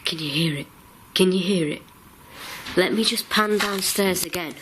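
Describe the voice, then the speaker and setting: A woman paranormal investigator calling out to spirits in an old farmhouse at night, nervous and breathy, recorded on a handheld camera. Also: lowish voice, moderate pace, noisy background. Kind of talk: ghost-hunting calling out.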